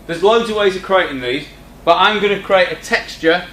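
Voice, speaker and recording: In a classroom with students present, a teacher runs a screen-recorded coding tutorial, chatty and informal with joking asides to the class. His fairly bright voice is a little higher than most men's and moves at a moderate pace. Echo and a faint hum fill the room.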